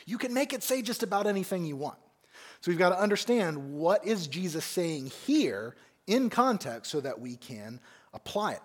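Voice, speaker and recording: Animated male pastor preaching. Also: fairly high pitch. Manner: animated, asks the congregation many questions. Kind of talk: expository sermon. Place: church sanctuary.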